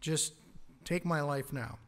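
A pastor acting out a sulking angry prophet. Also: male voice, fairly high pitch, slow. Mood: self-pitying. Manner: self-pitying complaint.

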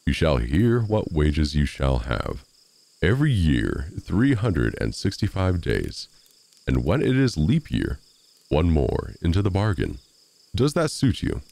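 A man voicing a huge, dim-witted male giant in a storybook reading, with slow, growling speech. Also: a bass voice, huge pitch swings, vocal fry, a little mellow, exaggerated voice. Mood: gruff.

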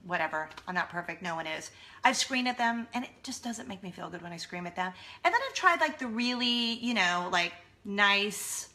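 A woman's voice: mid-range voice, animated, moderate pace, pushed and bright. A woman, a mother, chatting casually and self-deprecatingly to her camera. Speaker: vlogger, mother of two. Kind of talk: casual vlog chat.

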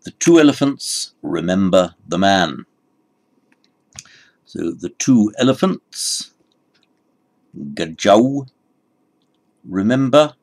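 A man's voice: low-pitched, sing-song, slow pace, vocal fry, pauses often, darkish tone. A man teaching a Sanskrit lesson, explaining patiently and correcting himself as he goes. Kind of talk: recorded language lesson.

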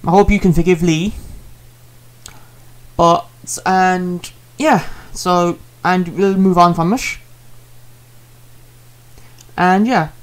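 A man's voice: high voice, fairly even intonation, slow, long pauses. A man, a streamer talking casually and earnestly, rambling and repeating himself with many fillers as he apologizes to a viewer.

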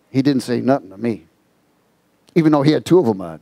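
A man preaching a sermon, telling stories with lively quoted voices and reading scripture aloud. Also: mid-range voice, quick pace, vocal fry, pauses often, no echo. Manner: animated storytelling with quoted voices. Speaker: pastor.

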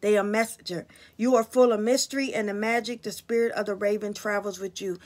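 A woman's voice: medium pitch, steady tone, fairly quick. A woman card reader talking casually and bluntly to her viewers about spirits and signs, swearing freely.

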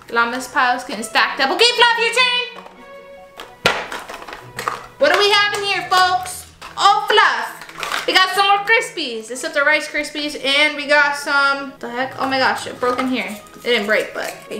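A woman vlogger unboxing toys in a casual, gushing and excitable way, chatting to her stuffed animals as she goes. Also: high voice, normal speed. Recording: echoey room with faint music.

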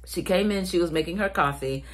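A woman's voice: on the low side, fairly quick. A woman from South Carolina with a Southern US accent, chatting casually to her viewers and calling them "y'all.". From South Carolina, USA. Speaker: vlogger.

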